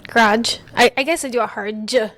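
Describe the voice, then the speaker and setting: A woman's voice: a little high, quick pace. A woman co-hosting a podcast, answering her friend in a playful, reactive way. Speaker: podcast co-host. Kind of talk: casual chat.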